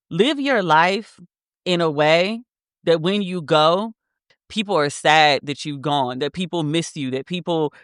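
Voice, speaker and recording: A woman's voice: deep voice, fairly bright tone, smooth, no room sound, clean studio sound. A woman in her thirties hosting a podcast, telling a story in a casual, emotional way with many fillers. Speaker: podcast host. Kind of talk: casual monologue.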